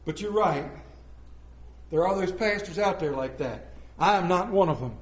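High-voiced folksy preacher in an echoey church. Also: male voice, moderate pace. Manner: folksy, animated preaching with humor. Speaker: pastor. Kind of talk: sermon. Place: church sanctuary.

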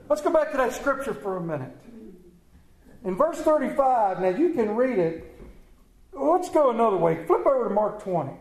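A man's voice: high voice, expressive, moderate pace, darkish tone. Self-mocking pastor man in an echoey church. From Maryland. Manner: storytelling, self-mocking humor. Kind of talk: sermon. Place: church sanctuary.

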